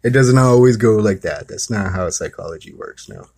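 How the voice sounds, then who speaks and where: A man's voice: on the low side, animated, moderate pace, vocal fry, darkish tone, husky. A man hosting his own talk, telling a made-up story in a rambling, conversational way full of asides. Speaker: host. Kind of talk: casual storytelling monologue.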